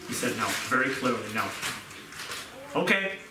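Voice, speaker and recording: A man's voice: medium pitch, expressive, moderate pace, noisy background. A middle-aged man preaching a sermon in an earnest, repetitive way, recorded from a distance in an echoey room. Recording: echoey room, mic far off.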